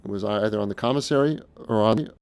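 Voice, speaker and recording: A middle-aged man talking in a casual, unscripted monologue, earnest and halting, often restarting his sentences. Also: on the low side, gravelly, darkish tone, clear, resonant tone. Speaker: speaker recounting his experiences.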